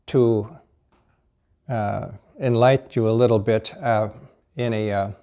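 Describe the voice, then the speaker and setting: A man's voice: medium pitch, dark tone. A man teaching pronunciation, modeling vowels and short words patiently, one at a time. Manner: patient and encouraging. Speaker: language teacher. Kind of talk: slow pronunciation drill lesson.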